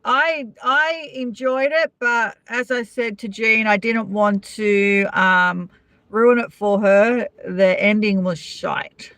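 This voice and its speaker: A woman's voice: on the high side, takes it slowly, fairly bright tone, no echo. A woman with an Australian accent hosting a casual live-stream chat, gossiping and answering viewers' comments by name. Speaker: vlogger chatting with live viewers.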